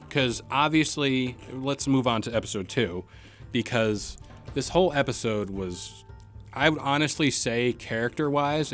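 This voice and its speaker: A man's voice: mid-range voice, fairly bright tone. A man hosting a podcast, chatting casually and laying out his points at length. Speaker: podcast host. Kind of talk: casual chat.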